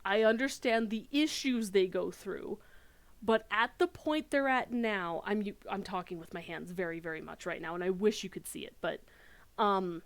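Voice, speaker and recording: A woman game streamer chatting casually while she plays, excitable and rambling, full of fillers and quick bursts. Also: mid-range voice. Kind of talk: casual chat while playing.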